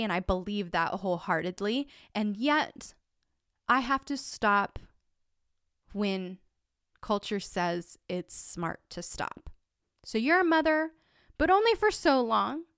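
A stay-at-home mom in her thirties talks to camera earnestly and emphatically, her voice rising when she presses a point. Her mid-range voice is a bit bright and smooth, captured in clean studio sound with no room sound.

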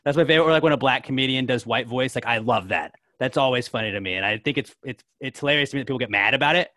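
Rambling young podcast host, dry sound. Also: male voice, mid-range voice, rapid-fire, bright, forceful tone, no room sound. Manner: rambling, filler-heavy, lots of "like". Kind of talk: casual chat.

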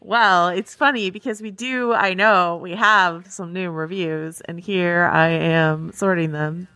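Woman, podcast co-host, casual chat, animated, laughs a lot, dry close mic. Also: fairly low pitch, slow pace, no room sound. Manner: animated, chatty, laughs a lot while reading reviews.

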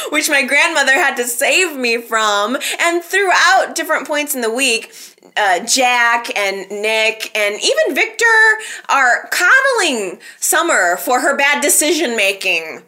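A woman's voice: high voice, sing-song, slow, bright, forceful tone. A young woman chatting casually as she recaps and comments on a soap opera, gossipy and giggling at times. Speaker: soap opera podcast host.

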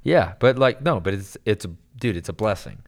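A man telling a long story in casual chat, animated and rambling, full of "dude" and "like". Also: lowish voice, moderate pace, creaky.

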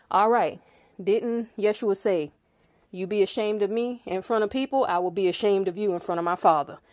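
A woman's voice: mid-range voice, darkish tone, no room sound. A woman reading Bible verses aloud and breaking off to explain them in casual asides. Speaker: preacher reading scripture. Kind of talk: informal Bible reading with commentary.

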